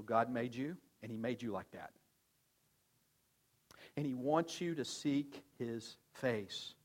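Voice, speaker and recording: An older man preaching a sermon in an earnest, conversational way, often dropping to soft, low tones to stress a point. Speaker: pastor.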